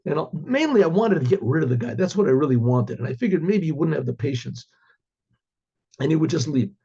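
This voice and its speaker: Gravelly, husky rabbi telling a rambling story. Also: male voice, on the high side, animated, a little fast, dark tone. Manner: rambling, many fillers and restarts, frequent throat clearing. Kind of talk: casual spoken storytelling. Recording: muffled lo-fi recording.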